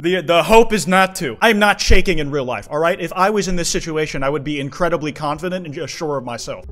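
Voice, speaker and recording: A young man streaming a video game, swearing, talking to the screen and yelling when things go wrong. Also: on the high side, fast, hardly any pauses, soft background music. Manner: excitable, profane, yells and shrieks at the game. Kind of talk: gaming commentary.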